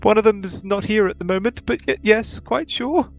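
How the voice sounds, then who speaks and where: A man doing a jittery stammering young tenant, pitched way up. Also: normal speed, soft background music. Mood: flustered. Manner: stammering, hesitant.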